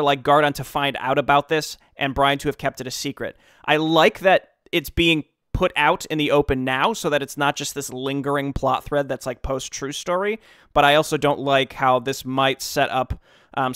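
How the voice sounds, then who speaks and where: A man's voice: fairly high pitch, normal speed, a bit bright, clear, resonant tone, no echo. Chatty male streamer, dry close sound. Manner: chatty, thinking aloud with fillers. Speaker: gaming streamer. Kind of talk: casual reaction commentary.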